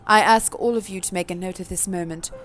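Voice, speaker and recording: A woman playing a stern vampire ruler who hands down judgment in slow, measured, regal tones. Her delivery is lower and quieter than the narration, with faint game music behind. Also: close to an everyday voice. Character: stern female vampire prince, commanding ruler.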